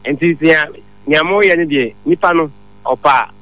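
A man's voice: a little high, moderate pace, a bit bright, poor audio. A man calling in to a radio show and telling a long, rambling story. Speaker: caller. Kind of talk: phone-in chat.

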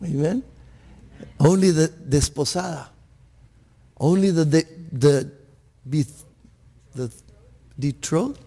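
High-voiced slow-preaching man. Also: vocal fry, warm tone. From Texas, USA. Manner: earnest preaching with frequent restarts and calls of "Amen?". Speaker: pastor. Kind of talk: sermon.

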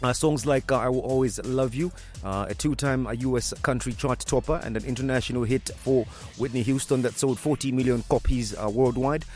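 Hesitant radio host. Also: male voice, mid-range voice, a little fast, few pauses, a little mellow, faint music behind. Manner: hesitant, many fillers. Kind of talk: news commentary.

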